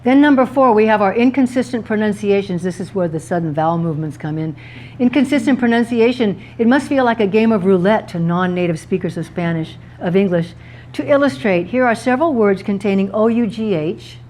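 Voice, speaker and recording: A woman's voice: mid-range voice, lively intonation, brisk, darkish tone, a little hiss or hum. A woman author giving a talk to a live audience about words, playful and laughing at her own wordplay.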